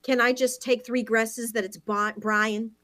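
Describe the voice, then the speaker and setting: A woman's voice: fairly high pitch, little pitch movement, unhurried, a bit bright. A woman improvising a brash, scheming mother of the bride in live improv comedy. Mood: brassy. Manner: brassy, blunt.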